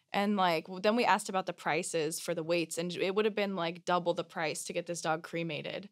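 A woman's voice: fairly low pitch, fairly even intonation, a little fast, few pauses. A woman guest on a podcast, telling a story in casual chat, with lots of "like" between phrases. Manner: chatty, many "like" fillers.

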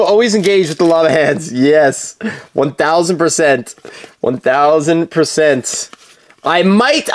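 A man hosting a live card-break stream, chatting casually with viewers, with lots of fillers, and calling out cards as he opens packs. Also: on the high side. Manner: chatty, filler-heavy, calls out cards while talking to viewers.

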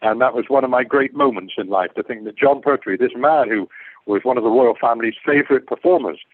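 A man's voice: medium pitch, brisk, breathy edge, no echo. An older man from England, a guest telling rambling stories that digress and lose the thread. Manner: digressive, repeats words, loses his thread. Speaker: guest actor. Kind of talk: rambling interview anecdotes. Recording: muffled phone-like call line.

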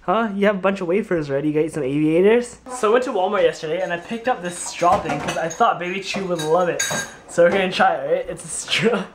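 A man's voice: high voice, fast. A man chatting casually and playfully in a home vlog, joking and laughing often. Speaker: vlogger. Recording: noisy home-video recording.

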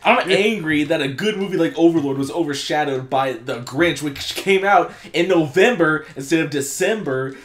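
A man's voice: a little high, moderate pace, hardly any pauses, echoey room. A man chatting casually while playing a game with friends, laughing often and ranting about movies. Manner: giggly, ranting, animated. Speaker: let's play gamer. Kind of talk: casual gaming chat.

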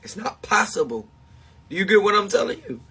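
High, breathy-voiced man livestreaming. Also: sing-song, brisk, pushed and bright. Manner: emphatic and confessional, repeats himself; laughs often between points. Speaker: live streamer talking to supporters. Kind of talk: casual livestream chat.

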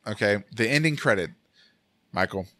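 A man hosting a casual podcast chat about a film, animated and rambling, laughing often. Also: on the low side, moderate pace, dry recording. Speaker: podcast host. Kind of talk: casual movie review chat.

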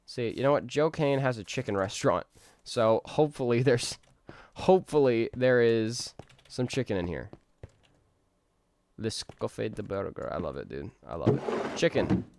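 A man's voice: mid-range voice, expressive, normal speed, gravelly, darkish tone, no room sound. A man giving casual, rambling gameplay commentary, talking to himself with jokey outbursts. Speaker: gaming streamer.

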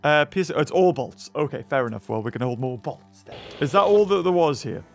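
Man, gaming host, excitable chatter, high voice, bouncy pitch, faint game music behind. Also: brisk, vocal fry. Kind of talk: let's play commentary.

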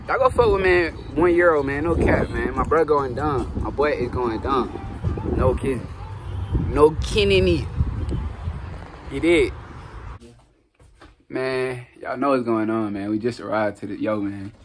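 A man hosting a casual studio vlog, hyped and slangy, shouting out to his viewers. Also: medium pitch, moderate pace, noisy background. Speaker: vlog host. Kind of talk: casual hype chat. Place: recording studio. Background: hip hop music.

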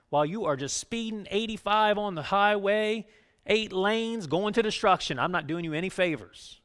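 Brief: male pastor, slightly high voice, chatty sermon that turns from loud urging to quiet. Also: brisk. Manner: conversational, keeps asking "right?"; animated, swings between loud urging and quiet.

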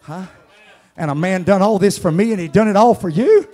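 A man preaching a sermon in church, dropping to hushed Scripture reading and then climbing into shouted, soaring exhortation. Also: high voice, expressive, a little fast. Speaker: pastor. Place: church sanctuary.

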